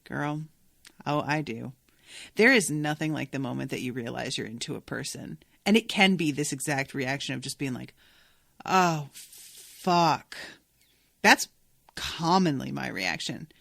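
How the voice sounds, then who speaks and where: A woman's voice: extremely low pitch, moderate pace, creaky, fairly bright tone, no room sound, clean studio sound. A young adult woman hosting a casual book-discussion podcast, talking in a chatty way and swearing freely. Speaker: podcast host.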